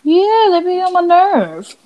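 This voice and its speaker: A woman's voice: very high voice, big pitch swings, measured pace, mellow. A woman co-hosting a casual podcast, telling stories in a blunt, profane way. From Dominican family. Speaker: podcast co-host. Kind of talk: casual chat.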